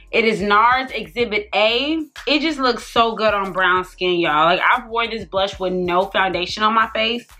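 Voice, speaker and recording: A woman's voice: medium pitch, sharp tone. A woman vlogger, tipsy, chatting loosely and swearing freely to her viewers while doing her makeup. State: tipsy from drinking. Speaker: beauty vlogger. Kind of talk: casual makeup tutorial chat.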